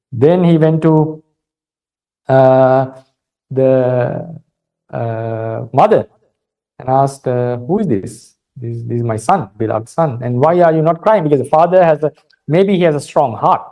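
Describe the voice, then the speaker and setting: Man, Sri Lankan accent, Buddhist monk, dharma talk, mellow, gravelly, calm, halting. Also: medium pitch, low-quality recording. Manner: calm, explanatory, many fillers and restarts. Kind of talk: dharma talk retelling a story.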